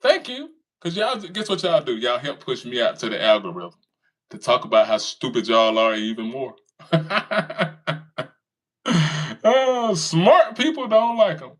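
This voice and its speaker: A man's voice: mid-range voice, big pitch swings, normal speed, a bit bright. A man, taunting and laughing as he reads viewer comments in casual commentary. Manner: mocking, laughs often, taunting the audience. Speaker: commentary streamer reading comments.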